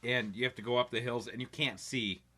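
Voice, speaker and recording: A man's voice: medium pitch, fairly even intonation, over a noisy crowd. A man co-hosting a gaming podcast, talking with stumbling restarts and jokes. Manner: quick, stumbling restarts, joking. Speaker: podcast co-host. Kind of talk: casual chat.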